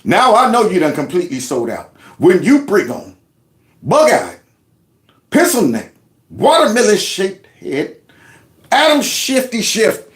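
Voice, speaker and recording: A man with a high voice that swings widely as he talks gives sarcastic reaction commentary on news clips. He fires off mocking rhetorical questions in an animated, needling way. His tone stays scornful and showy throughout. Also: unhurried, pauses often. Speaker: commentary vlogger.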